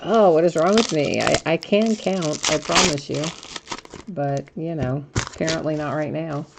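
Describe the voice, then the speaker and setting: Low-voiced chatty woman streamer. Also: unhurried, creaky, very noisy. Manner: chatty, laughs at herself, reads out cards. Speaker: card break live streamer. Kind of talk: casual live-stream commentary.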